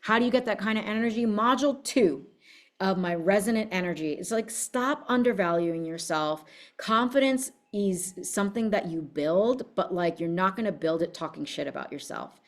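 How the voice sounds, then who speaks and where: A blunt woman speaking as a business coach, swearing freely and telling her story with fiery energy. Her voice sits at a middle pitch for a woman, and the talk has a loose, casual motivational feel. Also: animated, normal speed. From United States.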